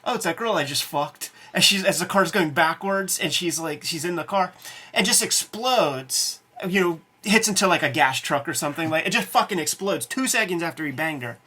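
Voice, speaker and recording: A man's voice: fairly high pitch, animated, moderate pace, pushed and bright. A man co-hosting a casual chat about comics as a cartoonist, talking profanely and acting out tough-guy lines from movies. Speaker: cartoonist co-host.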